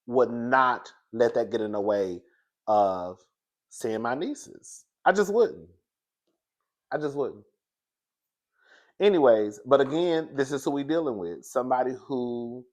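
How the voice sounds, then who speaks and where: Chatty guy reviewing a reality show, animated, laughs a lot, keeps saying girl. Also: mid-range voice, takes it slowly, pauses often. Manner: laughs often. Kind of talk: casual commentary.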